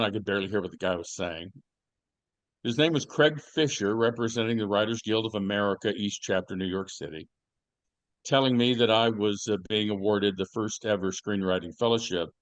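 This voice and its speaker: A man's fairly low voice, recorded with no room sound, carries this casual podcast chat. As a co-host, he tells meandering stories and leans heavily on fillers and restarts.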